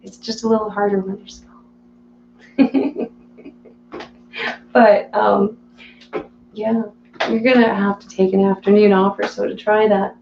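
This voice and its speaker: Gravelly-voiced woman chatting on a live stream. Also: mid-range voice, flat delivery, unhurried, pauses often, a little mellow, roomy sound, highs cut off, slight background noise. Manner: chatty, laughs often. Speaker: live streamer reading chat. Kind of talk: casual live-stream chat.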